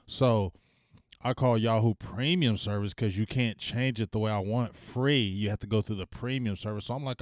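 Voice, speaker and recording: A man hosting a casual sports livestream, talking in loose slang, venting and giving loud shout-outs. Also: lowish voice, normal speed, no room sound, studio quality. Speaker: sports talk stream host.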